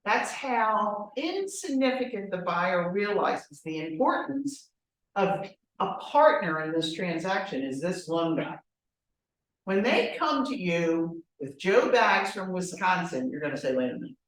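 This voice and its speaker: A woman running a training class talks in a direct, animated way and keeps asking rhetorical questions. She stands some way from the microphone. Her voice rings through a very echoey room. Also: on the low side, measured pace, far from the mic. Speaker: real estate trainer.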